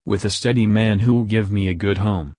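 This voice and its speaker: A man's voice: lowish voice, moderate pace, warm tone, no room sound, studio quality, lightly acted. A man reading the part of a brooding, hunted young man in an audiobook, with an impassioned, pleading delivery. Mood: anguished.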